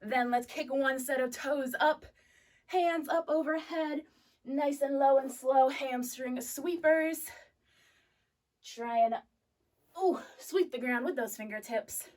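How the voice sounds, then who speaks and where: In a fitness studio, a young woman leads a live workout class, cueing moves with upbeat coaching while exercising herself, sniffling and catching her breath. Her fairly high voice comes at a slow pace, a little mellow, and sits far from the microphone.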